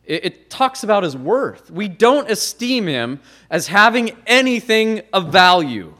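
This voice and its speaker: A man preaching a sermon, building to loud stressed words and then dropping to quiet, low phrases. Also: sing-song, measured pace.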